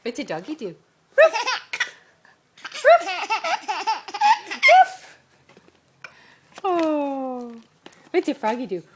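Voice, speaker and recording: An older woman plays with a grandchild, making giggly animal noises in a high, sing-song baby-talk voice. Her pitch swoops up and down, and she speaks very slowly. The home-video recording carries clear background noise. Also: huge pitch swings.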